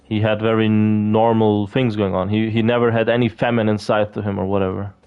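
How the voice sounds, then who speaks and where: In a muffled recording, a man with a lowish voice delivers flat, brisk, smooth gameplay commentary. He's a gaming video creator who rambles and swears casually, with lots of fillers and restarts.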